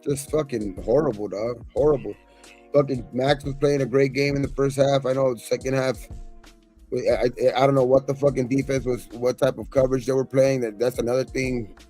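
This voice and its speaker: Annoyed dude ranting about the game, cussing a lot, mellow low-key voice, little music in the back. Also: male voice, steady tone, a little fast. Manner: frustrated, profane, repeats himself. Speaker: podcast co-host. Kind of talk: casual postgame rant.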